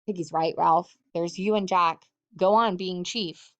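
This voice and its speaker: A woman voicing a quiet, gentle boy who speaks in a soft, earnest way. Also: fairly low pitch, fairly even intonation, measured pace, highs cut off.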